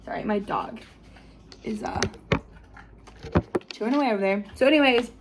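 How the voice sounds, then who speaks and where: A woman's voice: fairly high pitch, moderate pace, noisy background. A young woman vlogging at home, gushing and chatty as she tells a story to camera.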